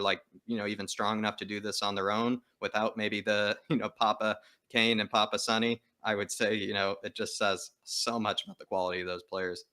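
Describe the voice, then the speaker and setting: A man calls in as a guest, his voice sitting a little low. He speaks with emphatic, passionate conviction and leans hard on his points. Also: pushed and bright. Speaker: guest caller. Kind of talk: casual chat.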